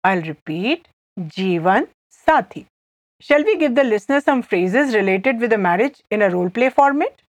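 A woman from India with an Indian accent, leading a scripted language lesson and repeating phrases slowly and clearly. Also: fairly high pitch, lively intonation, no room sound. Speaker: language teacher.

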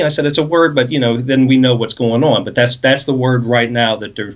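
A man's voice: medium pitch, steady tone, brisk. Podcast co-host, male, rambling storyteller who laughs at his own prank tale. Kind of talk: casual storytelling.

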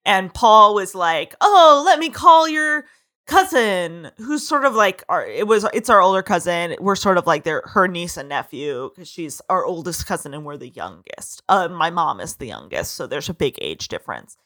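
A woman's voice: lowish voice, very animated, normal speed, few pauses, pushed and bright. A woman co-hosting a podcast in casual chat, telling rambling stories with giggles. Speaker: podcast co-host.

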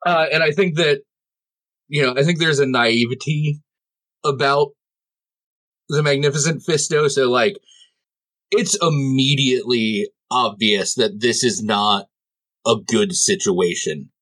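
A man's voice: mid-range voice, measured pace, pauses often, fairly bright tone. A man playing a tabletop game, describing scenes in a rambling way with lots of fillers. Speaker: player.

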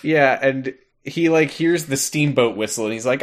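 A man's voice: medium pitch, moderate pace, few pauses. A man co-hosting a podcast, chatting casually while recapping a video game, laughing often and dropping into silly voices when he quotes characters. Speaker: podcast co-host.

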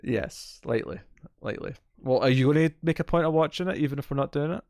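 A man co-hosting a podcast, chatting casually and giving animated, opinionated takes with jokes along the way. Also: fairly high pitch, dry recording, studio quality. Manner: animated, opinionated, quick to joke. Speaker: podcast co-host. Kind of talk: casual chat.

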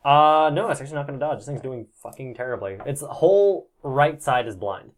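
A man's voice: mid-range voice, animated, a little fast, slight background noise. A man narrating as game master, casual and joking, swearing now and then and laughing along with the players.

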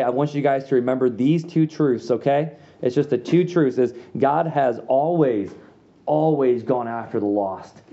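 A man delivers a sermon in a loose, slangy way, full of quick asides. His voice is mellow and dark. The recording is a little dull and muffled. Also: medium pitch. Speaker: youth pastor. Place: church room with an audience.

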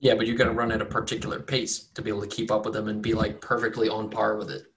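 A man narrating as game master of a tabletop game, talking in a loose, quick way full of fillers. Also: lowish voice, completely flat delivery, fairly bright tone, low-quality recording.

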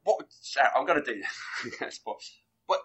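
A man in casual chat, rambling excitedly through a film plot with bursts of laughter. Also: a little high, takes it slowly, highs cut off. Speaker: film reviewer guest.

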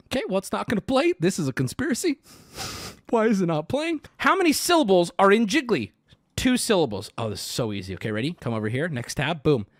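Male streamer, lively swooping delivery, sarcastic and profane, arguing with his chat. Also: sits high, fast talker. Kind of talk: live-stream rant to chat.

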